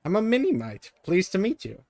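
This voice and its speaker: Man doing a high chirpy little mite. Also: wildly swooping pitch, brisk, warm tone, no room sound, exaggerated voice. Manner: chirpy, eager and impatient. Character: tiny chirpy green winged male mini mite. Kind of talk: reading a gamebook aloud.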